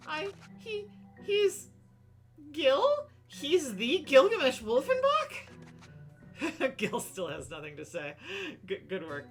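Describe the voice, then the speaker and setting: A woman's voice: high voice, huge pitch swings, takes it slowly, long pauses, faint music behind. A woman streaming a story game, reading its dialogue aloud in playful voices and laughing often between lines.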